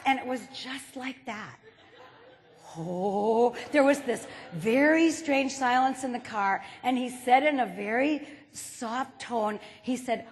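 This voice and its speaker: Woman keynote speaker, high unhurried delivery, comic storytelling, echo of a big hall. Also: vocal fry, a bit bright. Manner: playful storytelling, acts out quotes. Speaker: motivational speaker. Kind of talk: humorous keynote talk. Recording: reverberant hall.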